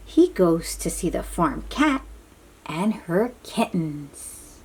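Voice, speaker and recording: A woman reading a picture book aloud to young children, gentle and often dropping to a soft whisper, asking them questions as she goes. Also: fairly low pitch, big pitch swings, slow, a little hiss or hum.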